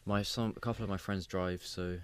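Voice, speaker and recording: A man's voice: sits low, fairly even intonation, fairly quick, smooth. A tired young man hosting a podcast, teasing his co-host in a dry, laid-back way. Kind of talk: casual chat.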